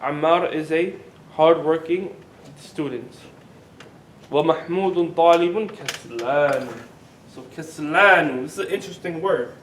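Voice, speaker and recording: Man, fairly high voice, teaching a class, echoey room with faint rumble, asks questions, has students repeat words. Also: a bit bright, recorded from a distance. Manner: drawls words slowly when modelling them. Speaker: Arabic teacher. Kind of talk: classroom grammar lesson.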